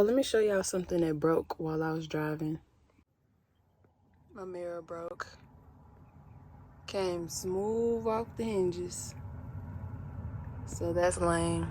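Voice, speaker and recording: Woman vlogging in her van, talks slow and lowish, goofy and teasing herself, just rambling. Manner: playful, self-mocking, rambling. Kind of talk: casual vlog chat. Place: inside her parked van.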